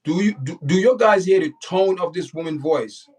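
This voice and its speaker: Man, livestream commentary, preachy, repetitive, fairly high voice, distant mic. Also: moderate pace, a little mellow, breathy edge. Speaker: livestream host.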